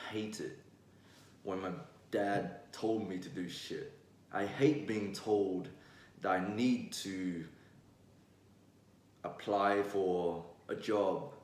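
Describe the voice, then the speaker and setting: A man's voice: low-pitched, steady tone, very slow, pauses often, a little mellow, far from the mic. A young man in his twenties from Vietnam, with a mixed Vietnamese-Australian accent, talking bluntly and candidly to camera, swearing freely. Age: 20s. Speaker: vlogger. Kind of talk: casual monologue to camera. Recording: roomy echo, voice away from mic.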